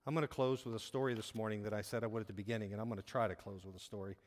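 A man's voice: lowish voice, fairly even intonation, rapid-fire. Earnest man preaching in an echoing hall. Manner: earnest, conversational storytelling with many restarts. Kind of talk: sermon with a personal story. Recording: long reverb of a large hall.

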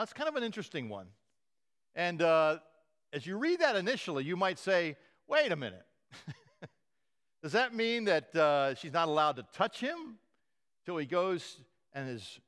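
A male pastor preaching a sermon, telling the story with animated voices for the quoted lines and frequent chuckles. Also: sits high.

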